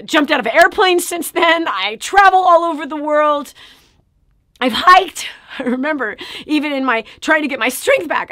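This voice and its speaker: A high-voiced woman shares her testimony and preaches with dramatic delivery, often sinking into a hushed whisper. The recording is close and dry. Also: no echo. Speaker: Christian motivational speaker.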